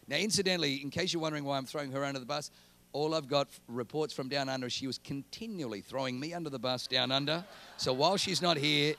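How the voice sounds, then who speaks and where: High, gravelly male preacher. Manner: animated, rising to shouting repetition. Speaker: pastor. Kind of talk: sermon with humorous storytelling.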